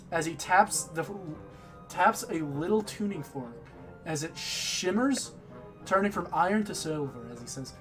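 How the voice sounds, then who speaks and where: A man narrating as game master of a tabletop game, speaking in slow, deliberate phrases with many pauses. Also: fairly high pitch, music in the background.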